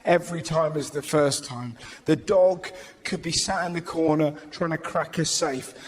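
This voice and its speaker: A man doing stand-up comedy, brash and swearing, with shouted put-on voices. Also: a little high, steady tone, moderate pace. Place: large live venue. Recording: roomy live recording with audience noise.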